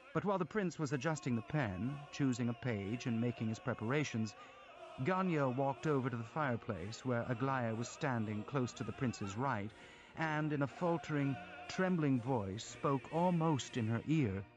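A man reading a classic novel aloud as an audiobook narrator, in a measured, expressive storytelling manner. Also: medium pitch, dull audio, faint music behind.

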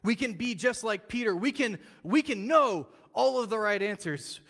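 Man preaching, high voice, casual animated storytelling, long church-hall reverb. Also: normal speed. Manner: animated storytelling, casual slang, acts out quotes. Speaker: pastor. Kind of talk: sermon. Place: church sanctuary.

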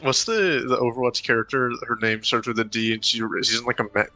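A man's voice: medium pitch, fast talker, sharp tone, faint music behind, rough recording. A young man teasing his friends with jokes during gaming voice chat. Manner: teasing, joking. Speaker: gamer.

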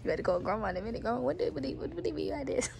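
A woman's voice: high voice, animated, rapid-fire, gravelly, reverberant, far from the mic, noisy background. A young woman vlogging casually in a doctor's office, teasing and joking in profane slang and sing-song baby talk. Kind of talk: casual vlog chat.

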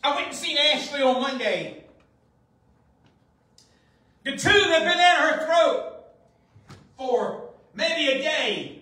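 High-voiced shouting pastor in an echoey church. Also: male voice, lively intonation, slow, long pauses. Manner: shouting, impassioned, drops to hushed storytelling. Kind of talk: Pentecostal sermon. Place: church sanctuary. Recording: very echoey room, distant mic.

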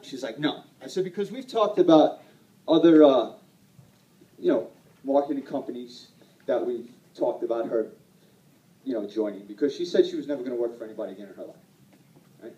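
A man's voice: mid-range voice, normal speed, long pauses, warm tone, echoey room, recorded from a distance, poor audio. A man telling a personal story to an audience at an event, self-deprecating and rambling, laughing often. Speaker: speaker at a sales event.

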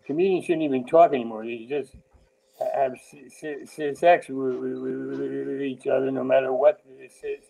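Gravelly guy comic, stutters constantly, manic rambling bits, all over the place. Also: medium pitch, fairly even intonation, normal speed, dark tone, poor audio. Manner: heavy stammering, repeats sounds and words; manic, jumps between topics. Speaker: comedian guest. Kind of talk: rambling stream-of-consciousness comedy riffs.

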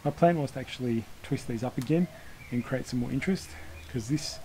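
A man's voice: medium pitch, brisk, dark tone, a little hiss or hum, rough recording. A man hosting a bonsai channel, talking casually through a hands-on demonstration, rambling and correcting himself with small chuckles as he works. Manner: rambling, self-correcting, chuckles while working.

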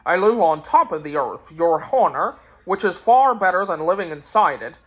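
A woman's voice: on the low side, lively intonation, moderate pace, husky. A woman voicing a cheerful, boastful little old wizard who works at a circus, talking in a jaunty, breezy way.

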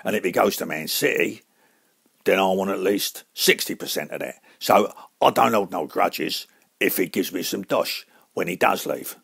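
A man doing a gruff Cockney hard man. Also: fairly bright tone, no room sound, studio quality, exaggerated voice. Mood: menacing. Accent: Cockney London. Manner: gruff, menacing, slow and low. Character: gruff tough-guy London actor, football-mad.

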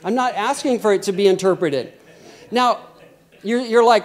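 A middle-aged man preaching a sermon in a lively, conversational way, often acting out quotes. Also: sits high, moderate pace.

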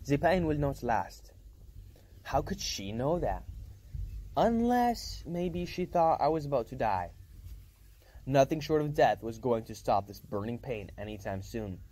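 A man's voice: medium pitch, very animated, measured pace, dark tone. A man reading a novel aloud in a casual first-person storytelling manner, with small slips and restarts. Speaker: reader.

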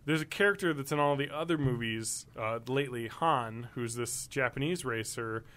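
A male podcast co-host talking loosely and at length. He rambles from point to point, swears freely and breaks into laughter often. His voice sits at an ordinary middle pitch. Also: normal speed, fairly bright tone. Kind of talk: casual chat.

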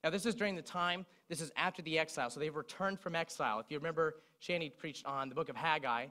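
This young man speaks fast and fairly high as he preaches, weaving song lyrics into his sermon. He recites the words in an ordinary speaking voice, telling the story with real liveliness.

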